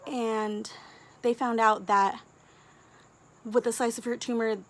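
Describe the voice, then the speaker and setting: A woman, a book vlogger talking casually to camera, gushing and chatty with quick asides and giggles. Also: a little high, flat delivery, fairly bright tone.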